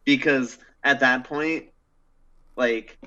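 Bright-toned chatty man, lo-fi. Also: medium pitch, steady tone, extremely slow. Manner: chatty, many "like" fillers. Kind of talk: casual podcast chat.

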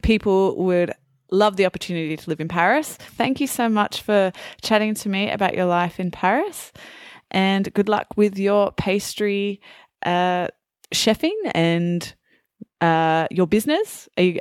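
A woman's voice: mid-range voice, normal speed, dry recording, clean studio sound. Curious woman host. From Australia. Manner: friendly, curious questions. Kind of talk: casual interview chat.

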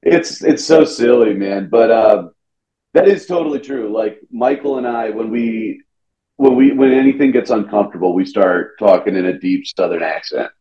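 A young male comedian from Atlanta, Georgia, guesting on a podcast, chats loosely and says "dude" a lot. His voice is lowish and warm, at a normal speed. The recording has a dull lo-fi sound.

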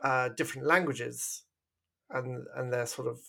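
A man's voice: mid-range voice, steady tone, unhurried, creaky, sharp tone. A man co-hosting a casual film review podcast, upbeat and teasing, laughing easily. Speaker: podcast co-host.

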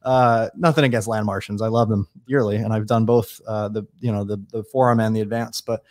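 A man from New York State, a guest in a casual interview, telling stories quickly and acting out what people said. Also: on the low side, dry recording, studio quality. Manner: fast, animated storyteller acting out dialogue.

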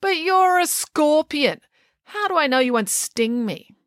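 A woman's voice: on the low side, unhurried, creaky, dry recording, studio quality. A woman reading a storybook aloud, voicing an indignant female frog who exclaims and demands answers.

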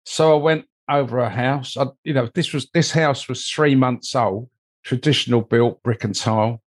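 An older man talks through a long personal anecdote in a conversational, meandering way, dropping in "you know" as he goes. His voice sits at an ordinary middle pitch for a man. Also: fairly even intonation, normal speed. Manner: rambling, anecdotal, frequent "you know" asides. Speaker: interview guest, mold investigator. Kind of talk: conversational storytelling.

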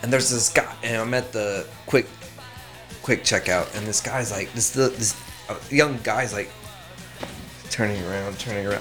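A man's voice: fairly low pitch, moderate pace, pauses often, fairly bright tone. Male co-host, rambling casual storyteller, curses a lot, faint music underneath. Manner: rambling storyteller, swears freely. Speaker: podcast co-host. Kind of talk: casual chat.

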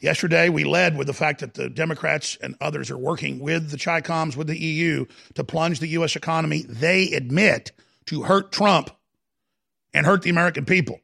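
A man's voice: on the high side, creaky, sharp tone. A male talk radio host delivering impassioned, digressive political commentary, piling up phrases and restarting sentences. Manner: impassioned, digressive, rapid-fire with repeated restarts.

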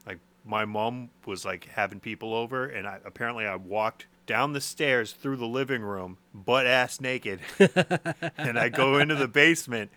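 A man's voice: mid-range voice, moderate pace, sharp tone. A young adult man chatting casually, telling crude stories and swearing freely. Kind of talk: casual chat.

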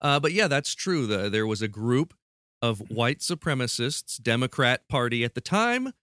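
A man hosts a casual podcast quiz, joking about the stakes and laughing easily. His voice sits in a middle pitch, and the recording is dry and close. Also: very animated, a bit bright, no room sound. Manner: playful, joking, quick to laugh. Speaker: podcast host running a quiz.

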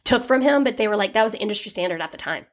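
A middle-aged woman co-hosting a casual chat, giving blunt opinions and quick reactions. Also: medium pitch, expressive. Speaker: co-host.

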